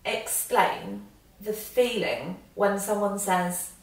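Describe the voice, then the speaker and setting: A woman's voice: mid-range voice, slow, gravelly. A woman in her late twenties, a guest chatting candidly and with self-mocking humour. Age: 20s. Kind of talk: casual chat. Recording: roomy echo, mic at a distance.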